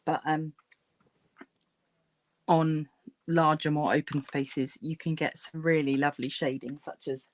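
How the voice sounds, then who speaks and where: Lowish-voiced woman chatting on a craft stream, lots of ums, mutters to herself, dry close sound. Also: flat delivery, unhurried, long pauses, no room sound. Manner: chatty, many fillers, murmurs to herself while working. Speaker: craft livestream host. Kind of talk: casual chat while silk painting.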